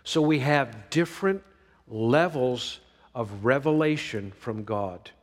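A man preaching a sermon, swinging between emphatic lines and hushed ones. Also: mid-range voice, animated, takes it slowly. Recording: long reverb of a large hall.

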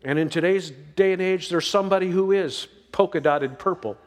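A man's voice: high voice, moderate pace, big-room sound. A man preaching a sermon as pastor, folksy and emphatic, drawing out the verses he reads.

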